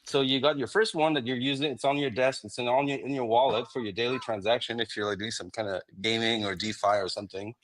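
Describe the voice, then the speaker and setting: Mid-pitched man, ranty and profane, casual chat. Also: fairly even intonation, fast, hardly any pauses, fairly bright tone, slight background noise. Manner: ranting, profane, explains at length.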